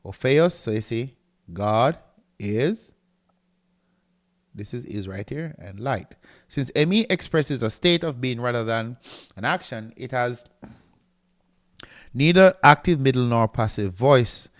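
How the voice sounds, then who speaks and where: A man's voice: mid-range voice, animated, takes it slowly, long pauses. Man teaching a language lesson. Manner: explains step by step, often checks with "right?"; reads from a textbook and writes on a board. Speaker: Greek teacher. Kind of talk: recorded classroom lecture.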